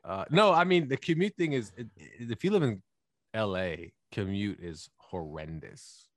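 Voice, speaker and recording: A man's voice: lowish voice, moderate pace. A man co-hosting a casual podcast, joking and exclaiming as he banters about traffic. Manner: animated, joking, exclaims "whoa". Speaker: podcast co-host.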